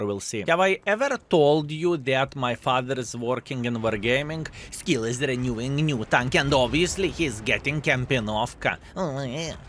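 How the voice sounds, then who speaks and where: A man with a Lithuanian accent doing lively, playful gameplay commentary and talking straight to his viewers. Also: medium pitch. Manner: animated, playful, addresses viewers as fellas. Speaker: gaming YouTuber.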